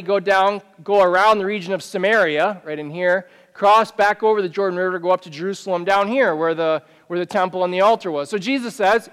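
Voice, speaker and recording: A man preaching a sermon as pastor, talking in a conversational, animated way with many questions to the listeners. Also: high-pitched, clean tone. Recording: long reverb of a church hall.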